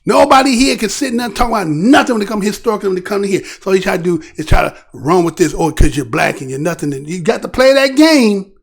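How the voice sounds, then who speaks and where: A man hosts his own livestream, his voice pitched high with a rough, gravelly edge. He talks emphatically and animatedly, then drops into low muttering. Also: expressive, quick pace, few pauses. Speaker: show host. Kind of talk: casual livestream commentary.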